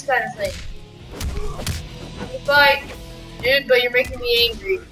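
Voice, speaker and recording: A woman commenting on a video game as she plays, excitable, yelping and shouting at what happens on screen. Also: high-pitched, normal speed, pauses often. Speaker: gamer. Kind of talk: let's play commentary. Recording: echoey room, far from mic. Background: loud game music.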